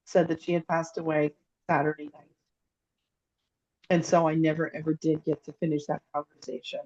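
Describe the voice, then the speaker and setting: A woman's voice: sits low, little pitch movement, moderate pace, darkish tone, highs cut off. A woman co-hosting a casual chat over a remote call, telling an emotional story in a rambling way with many restarts. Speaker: psychic, podcast co-host. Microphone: remote call microphone.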